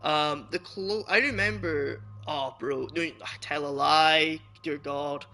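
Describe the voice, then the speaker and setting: Young Scottish streamer, fairly high, gravelly voice, loose rambling chat to viewers. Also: male voice, takes it slowly, sharp tone. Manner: rambling, loose and laughing often, chatting to viewers. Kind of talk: casual chat while streaming a game.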